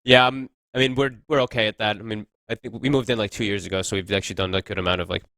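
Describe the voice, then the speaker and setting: Guy casting esports, low voice, talks fast, chatty and thinks out loud, dry close sound. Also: steady tone, no room sound. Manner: chatty, analytical, thinks aloud. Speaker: esports caster. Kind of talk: casual esports commentary.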